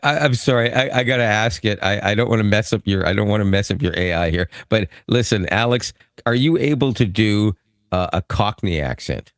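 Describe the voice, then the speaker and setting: A man co-hosting a podcast in casual chat, excitable and quick to laugh, often repeating words. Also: lowish voice, no room sound, studio quality. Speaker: podcast co-host.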